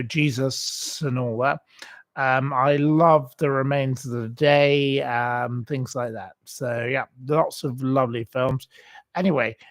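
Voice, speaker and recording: Slow gravelly man ranting. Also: mid-range voice. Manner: blunt, insulting, repetitive ranting. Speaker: livestream host reading viewer comments. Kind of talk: casual live-chat rant.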